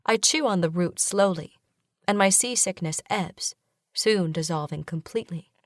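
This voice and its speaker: Audiobook narrator, woman, lower register, steady measured first-person reading, dry close sound. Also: no room sound.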